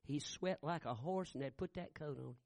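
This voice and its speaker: A male preacher telling a story in a sermon, in a folksy, homespun way. His voice sits somewhat high for a man, and he talks in a relaxed, conversational manner. The recording is dry and close. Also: moderate pace, no room sound.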